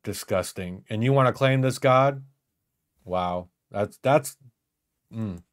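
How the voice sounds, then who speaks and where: A man's voice: fairly low pitch, slow pace. A man hosting an online panel discussion, talking bluntly and rambling with many fillers. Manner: blunt, rambling, lots of "like" and "you know what I mean".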